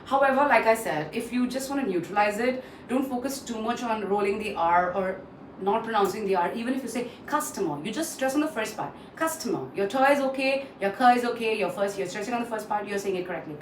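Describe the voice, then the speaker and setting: A woman trainer walks through word pronunciations and repeats each one for drill. She pauses often with "uh". Her voice sits slightly off-mic in a roomy space with a faint hiss behind it. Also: medium pitch, far from the mic. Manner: frequent "uh" fillers. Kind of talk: online pronunciation lesson.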